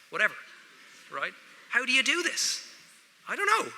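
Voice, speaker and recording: A man's voice: extremely high pitch, wildly swooping pitch, moderate pace, creaky, pauses often, pushed and bright, slight background noise. An Irish man giving a joking, wry speech to students at an award ceremony, talking straight to the audience from a lectern. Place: large ceremony hall. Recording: echoey large hall.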